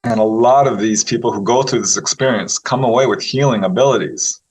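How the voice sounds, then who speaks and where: Lively storytelling man, mid-pitched. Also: brisk, husky, poor audio. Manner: animated storyteller who laughs often and acts out quotes. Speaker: interview guest, UFO researcher. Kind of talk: casual storytelling interview.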